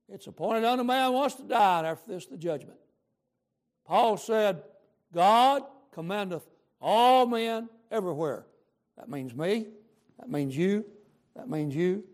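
A man's voice: high voice, sing-song, measured pace, long pauses, darkish tone. A man preaching a sermon, fervent and emphatic, repeating lines for stress and using folksy grammar.

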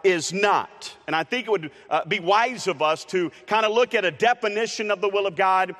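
A man's voice: high voice, normal speed, a bit bright. A male preacher giving a sermon in a conversational, playful way, with frequent uh's and restarts. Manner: playful with the congregation. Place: church sanctuary. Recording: long reverb of a church hall.

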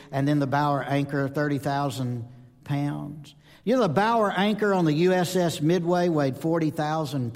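A man in his fifties from North Georgia, a preacher, preaching emphatically and often asking the audience questions. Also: on the high side. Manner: emphatic, asks the audience questions, swings between loud and soft. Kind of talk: sermon. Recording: long hall reverb.

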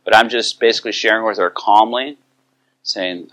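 A man's voice: lowish voice, fairly even intonation, normal speed, a bit bright. A middle-aged man teaching about biblical counseling, telling a story and acting out the quoted dialogue in a conversational way.

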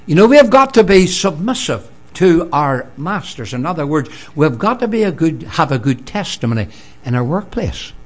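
This sermon comes from an older man with a Northern Irish accent whose delivery is sing-song and moderately paced. He is emphatic, shifting between loud proclamations and soft, low lines.

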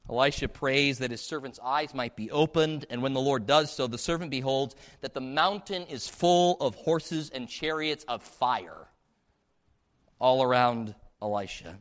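Animated male preacher in a reverberant church. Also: medium pitch, unhurried. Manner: animated storytelling, acting out quoted voices. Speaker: pastor. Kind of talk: sermon. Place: church sanctuary. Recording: long hall reverb.

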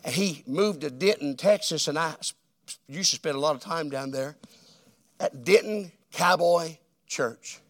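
Male preacher, sermon delivery, high and gravelly, with a loud-to-hushed dynamic swing. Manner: swings between loud emphatic declarations and hushed, drawn-out phrases.

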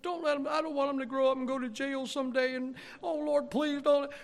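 A man preacher voicing his mother as a tearful, pleading middle-aged woman with a high, wavering voice. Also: steady tone, fairly quick, gravelly, a bit bright, long reverb tail, heavily acted.

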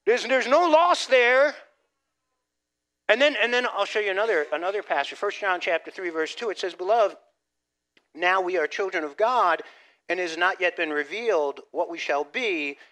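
A man preaching a sermon as pastor, animated, dropping from loud emphasis to soft asides and restarting phrases. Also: sits high, moderate pace. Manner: repeats words as he restarts phrases.

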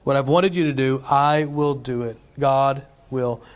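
A man's voice: mid-range voice, fairly even intonation, a little slow. A man preaching a sermon in a church, talking conversationally with rhetorical questions, asides to the congregation, and frequent restarts and fillers. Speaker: pastor.

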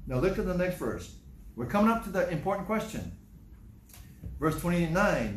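A male pastor preaching a sermon in a church hall, animated and emphatic, repeating his points and acting out quotes. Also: fairly high pitch, normal speed. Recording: echoey room with faint noise.

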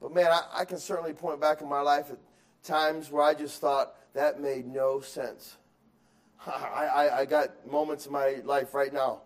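A male pastor preaching a sermon, moving between quiet musing and loud, emphatic exhortation, with repeated words and restarts. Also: fairly high pitch, flat delivery, normal speed. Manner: acts out excuses in quoted voices.

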